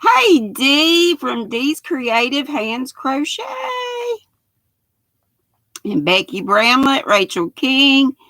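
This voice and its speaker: A woman's voice: high voice, expressive, drawn-out words, pushed and bright, dry recording. An older woman with a Southern accent, hosting a casual livestream, chatting folksily and greeting viewers one by one by name. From North Carolina. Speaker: livestream host.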